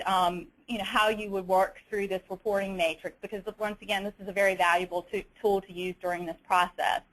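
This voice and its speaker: A woman with a Southern US accent presents a webinar, working methodically through her slides with frequent fillers and restarts. Her voice is mid-range and a bit bright, and the audio quality is poor.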